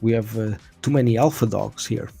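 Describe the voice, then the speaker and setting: A man's voice: lowish voice, normal speed, creaky, mellow, husky, faint music behind. A man from Portugal hosting a crypto livestream, chatting casually in a rambling, slangy way and swearing now and then.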